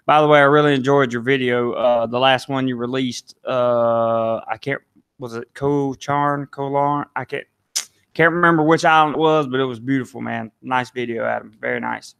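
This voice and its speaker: A man's voice: mid-range voice, steady tone, moderate pace, gravelly, fairly bright tone, smooth. A man with a Southern US accent, hosting a casual live stream and answering viewer comments aloud. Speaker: live-stream vlogger reading chat.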